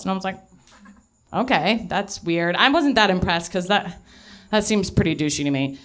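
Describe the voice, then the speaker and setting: A woman's voice: medium pitch, animated, normal speed. A young woman doing live stand-up, telling a rambling, self-mocking story full of swearing and laughter, a little out of breath. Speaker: stand-up comedian. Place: live comedy venue.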